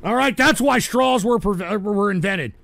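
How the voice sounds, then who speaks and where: A man hosting a live show, ranting angrily and profanely at his chat and breaking into shouts. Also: sits high, moderate pace, gravelly, no room sound. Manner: angry, profane, bursts into shouting. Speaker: livestream show host.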